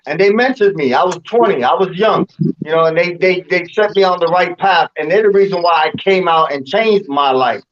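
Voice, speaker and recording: Earnest, halting young man, lo-fi. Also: sits high. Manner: earnest, halting, repeats words. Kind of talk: casual chat.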